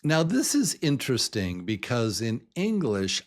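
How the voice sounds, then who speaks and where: A man teaching English, slowly repeating words and stressing their syllables. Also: on the low side, big pitch swings. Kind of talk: slow pronunciation drill. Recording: noisy background hiss.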